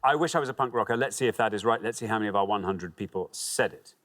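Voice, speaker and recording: A man's voice: on the low side, very fast, a bit bright. A man hosting a TV quiz show, reading clues and bantering with contestants in a jovial, teasing way. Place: TV studio.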